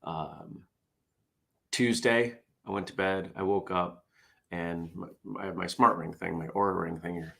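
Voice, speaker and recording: A man's voice: sits low, animated, normal speed, vocal fry, fairly bright tone. A tired man hosting a casual morning show, reading jokes aloud in a wry, self-deprecating way. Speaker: host.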